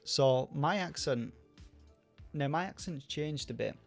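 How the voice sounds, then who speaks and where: A man with a softened Rochdale accent from Greater Manchester, chatting on a livestream as host and answering viewer questions, rambling with many fillers and restarts. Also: a little high, slow pace, vocal fry, soft background music. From Northern England. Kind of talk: casual livestream chat.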